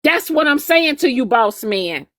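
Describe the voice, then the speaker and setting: A woman's voice: sits high, very animated, a little slow, a bit bright. A woman on a live-stream panel, insistently repeating her point in an argument.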